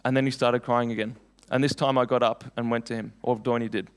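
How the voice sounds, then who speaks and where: A man's voice: medium pitch, little pitch movement, fast. A young man preaching a sermon, telling personal stories in an earnest, conversational way.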